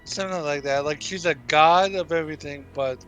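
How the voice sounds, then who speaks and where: A man on a call speaks bluntly and offhandedly, his voice bright and sharp. His pitch sits a bit high for a man, with faint music under it. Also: a little fast, rough recording. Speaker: caller. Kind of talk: casual chat.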